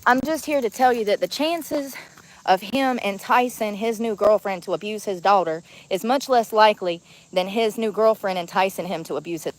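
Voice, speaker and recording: A woman's voice: mid-range voice, normal speed, low-quality recording. A woman vlogging on her phone while walking through a park by a lake, chatting casually, laughing often and saying y'all, sometimes out of breath. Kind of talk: casual vlog chat. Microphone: phone held while walking.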